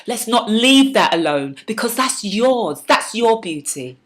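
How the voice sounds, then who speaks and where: A woman's voice: on the high side, sing-song, measured pace, few pauses. A woman speaking in a fiery, preachy monologue to camera, repeating words and restarting sentences as she presses her point. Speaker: vlogger giving life advice.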